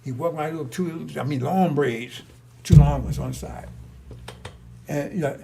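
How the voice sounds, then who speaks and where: A man's voice: fairly high pitch, moderate pace, vocal fry, mellow. An older man telling stories in a rambling monologue, blunt and confrontational, with frequent restarts and cursing. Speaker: storyteller.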